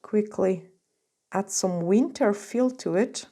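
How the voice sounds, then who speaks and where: Losing her voice, a woman talks slowly through a nail tutorial as she works, warm-toned at medium pitch. Her narration is casual and effusive, packed with fillers.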